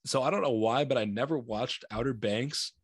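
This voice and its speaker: An American man co-hosting a podcast, chatting loosely and laughing easily as he acts out his own past reactions. His voice sits at an ordinary middle pitch. The recording is dry and close, with no room sound. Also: normal speed, no room sound. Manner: loose, rambling, laughs often, quotes himself. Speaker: podcast co-host. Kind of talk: casual chat.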